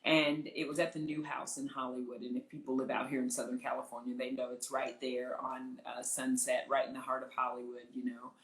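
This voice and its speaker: A woman, an entertainment journalist, telling a personal story in conversation as an interview guest, acting out what others said with lively energy. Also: very deep voice, fairly quick, few pauses, echoey room, poor audio. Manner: animated, vividly re-enacts the voices of others.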